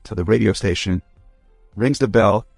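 A man, a rabbi, telling a story in a lively way and acting out the characters' voices. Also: lowish voice, moderate pace, gravelly, no room sound, soft background music. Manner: animated, acts out quoted voices.

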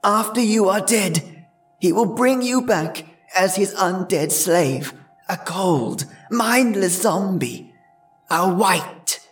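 A man voicing an eerie old grandmother who tells ghost stories in a slow, ominous hush. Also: sits high, distant mic, soft background music, voice pushed up. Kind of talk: horror story narration.

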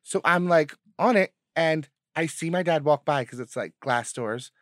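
A man's voice: on the high side, moderate pace, no echo, studio quality. Profane young man telling stories. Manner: profane, animated storytelling. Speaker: podcast co-host. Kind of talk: casual chat.

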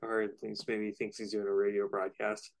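Low-voiced man casually co-hosting. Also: brisk, vocal fry. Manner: relaxed, rambling with fillers. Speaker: podcast co-host. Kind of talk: casual chat.

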